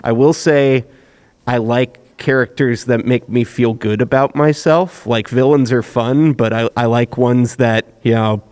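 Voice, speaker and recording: Brief: playful voice actor at a panel mic, mid-pitched, easygoing banter. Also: male voice, darkish tone, smooth. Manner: joking, quick laughs, restarts. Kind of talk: casual panel chat. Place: convention panel room.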